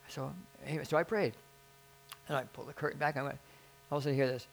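A man's voice: mid-range voice, fairly even intonation, racing, creaky, long pauses, slight background noise. A man preaching as a pastor, telling a story in a conversational, self-deprecating way and acting out the people in it. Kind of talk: sermon storytelling.

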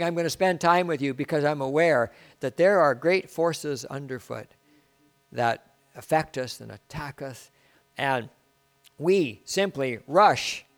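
Man preaching with rising, falling emphasis. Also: a little high. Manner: preacher who swings from loud declarations to hushed asides. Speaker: pastor. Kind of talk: sermon.

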